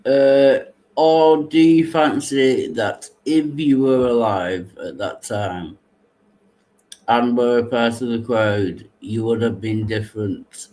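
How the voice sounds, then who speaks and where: A man with a mid-pitched voice speaks very slowly and pauses often while he thinks. He says yeah again and again and restarts his sentences as he puts questions to his partner. The talk is a relaxed conversation about faith. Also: rough recording. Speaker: discussion partner asking questions. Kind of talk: casual Bible discussion.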